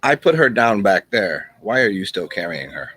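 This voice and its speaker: Man playing a calm monk asking patient questions, low voice. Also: moderate pace, slightly rough, heavily acted.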